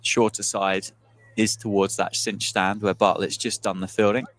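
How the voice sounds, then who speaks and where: A man calling live cricket play-by-play in a measured, agreeable way. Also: on the low side, flat delivery, a bit bright. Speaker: cricket commentator. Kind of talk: live sports commentary.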